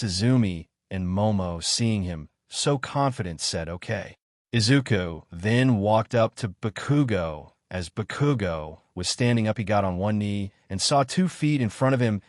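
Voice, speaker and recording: Brief: male narrator, low, dry studio sound, steady storybook read. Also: no room sound. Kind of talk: fan fiction read-aloud.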